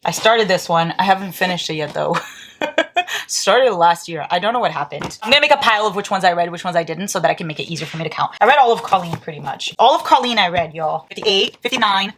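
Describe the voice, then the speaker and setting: A woman's voice: lowish voice, a bit bright, a little hiss or hum. A woman whose first language is Portuguese, chatting casually at home by her bookshelves and counting her books aloud with self-mocking asides. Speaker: book vlogger. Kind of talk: casual vlog.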